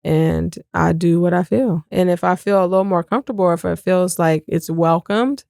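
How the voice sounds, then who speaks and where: A middle-aged podcast co-host in casual chat, candid and relaxed, thinking aloud. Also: medium pitch, normal speed, gravelly, no room sound, clean studio sound.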